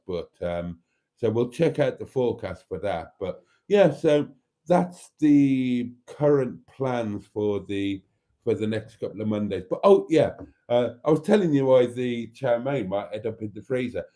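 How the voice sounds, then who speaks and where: A man's voice: lowish voice, mellow. Chatty man hosting a late livestream. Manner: chatty and theatrical, calls viewers darlings. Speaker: livestream host. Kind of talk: casual livestream chat reading comments.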